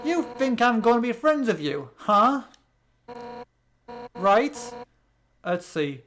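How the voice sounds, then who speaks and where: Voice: medium pitch, big pitch swings, slow pace, fairly bright tone, a little hiss or hum. A British player reading a hostile fish warrior. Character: fierce female fish warrior, hostile and proud.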